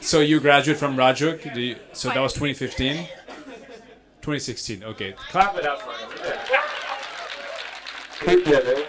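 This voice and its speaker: A man's voice: medium pitch, normal speed, pauses often, very noisy. A man doing stand-up crowd work, teasing audience members and laughing often. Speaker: stand-up comedian. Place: comedy venue stage. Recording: loud crowd in a live venue.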